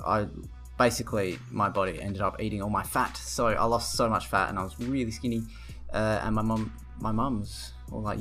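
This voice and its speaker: A young man with a fairly low voice rants through a vlog, sarcastic and rambling. He swears freely as he reacts to what he reads, and faint music plays behind him. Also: a bit bright. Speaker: vlogger. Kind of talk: profane reaction rant.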